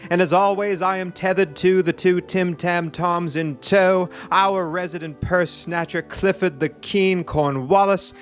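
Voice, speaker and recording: A man's voice: high-pitched, fairly even intonation, a little slow, hardly any pauses, soft background music. A man voicing a pompous, posh English podcast host in a put-on British accent, with flowery, mock-formal phrasing.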